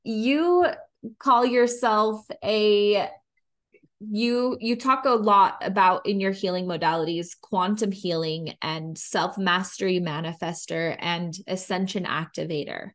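A woman hosts a podcast interview in a mid-range voice. She speaks reflectively and turns to her listeners to teach, pausing her guest politely to do so. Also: mid-range voice, fairly even intonation. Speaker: podcast host.

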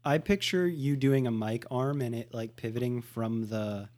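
A man's voice: mid-range voice, normal speed, darkish tone. A man co-hosting a podcast in casual chat, laid-back and joking. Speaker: podcast co-host.

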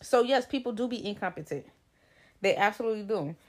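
A woman co-hosting a podcast in casual chat, blunt and animated, swearing freely. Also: mid-range voice, a little fast. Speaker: podcast co-host.

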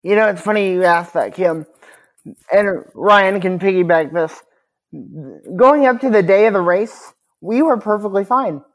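A man speaks as a guest on a podcast interview. His delivery is earnest and measured as he tells a personal story. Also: high-pitched.

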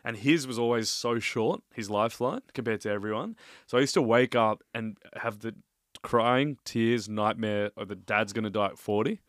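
A man's voice: fairly low pitch, normal speed, no echo, clean studio sound. A man co-hosting a podcast, talking openly and emotionally in casual chat, often laughing. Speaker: podcast co-host.

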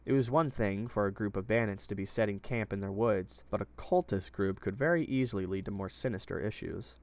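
Low-voiced man reading a fantasy story. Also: brisk. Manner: steady, plain narration.

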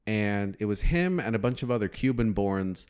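A young man with a low, smooth and resonant voice tells a long story in loose, casual chat. He rambles and swears freely as he goes. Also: animated, normal speed, a little mellow.

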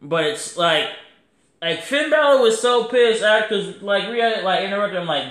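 Animated, swearing man in an echoey room. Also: sits high, slow. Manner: animated, profane, rambling, acts out quotes. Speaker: podcast host. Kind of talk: casual wrestling review monologue.

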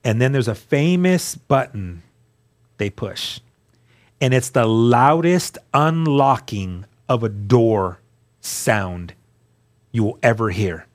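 A man, a guest on the show, telling his personal testimony in an earnest, emphatic way, dropping to a hushed voice at key moments. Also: medium pitch, animated, takes it slowly.

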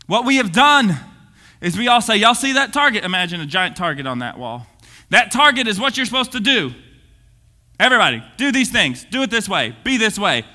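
A man preaches with restless energy, his voice swinging from booming to hushed. His voice sits very high and sounds sharp and forceful. The long reverb of a church hall trails behind every phrase. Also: big pitch swings, brisk. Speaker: pastor. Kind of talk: energetic sermon.

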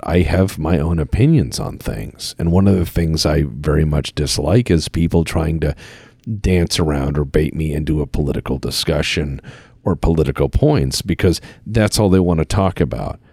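Very deep-voiced man, measured speech. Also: gravelly, a little mellow, slightly rough, dry recording, clean studio sound. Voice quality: deep, resonant voice. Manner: deliberate, measured wording. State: voice strained, talking hurts. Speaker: podcast host. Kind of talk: casual podcast chat.

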